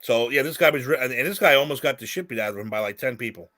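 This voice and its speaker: A man's voice: medium pitch, racing. A man co-hosting a podcast, telling stories in casual chat and swearing freely. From New York City. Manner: animated storytelling, casual swearing. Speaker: podcast co-host.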